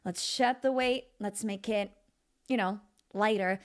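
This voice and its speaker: A woman vocal coach giving a casual singing lesson, chatty and expressive, thinking aloud as she teaches. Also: mid-range voice, measured pace.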